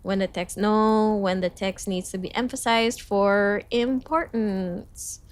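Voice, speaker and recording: Young woman streamer from the Philippines, mid-pitch voice, reads study notes aloud, chirpy asides to chat, a bit self-conscious. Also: steady tone, slow pace, dry recording. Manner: reads lessons aloud, then jumps to high cheerful greetings to chat. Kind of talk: casual study livestream, reading notes aloud.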